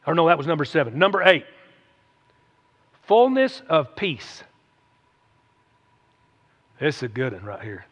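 A man's voice: a little high, huge pitch swings, measured pace, pauses often, fairly bright tone. A man preaching a sermon in a folksy, conversational way, often calling out "amen?" to the congregation. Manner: conversational, folksy, with frequent "amen?" call-outs. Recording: echoey hall, dull lo-fi sound.

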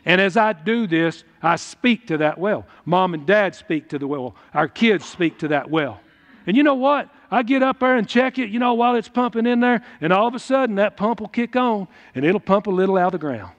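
A man's voice: sits high, expressive, fairly quick. A man preaching a folksy, emphatic sermon to his congregation at church. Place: church hall. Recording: long hall reverb.

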